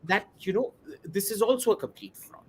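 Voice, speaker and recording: A man's voice: sits high, moderate pace, fairly bright tone, breathy edge. A man appearing as a podcast guest, giving blunt, opinionated commentary and repeating words for emphasis.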